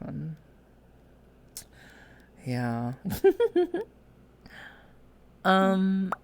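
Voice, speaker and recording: Young female streamer host, low and animated, loose rambling chat. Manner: rambling, frequent restarts, reads chat aloud. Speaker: streamer hosting an interview. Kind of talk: casual chat.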